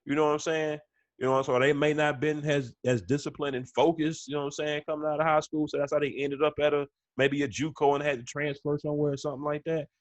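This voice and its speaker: A man's voice: a little high, little pitch movement, fast talker, no room sound. A man co-hosting a sports podcast in casual chat, stumbling and repeating words, often saying "you know what I'm saying". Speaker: podcast co-host.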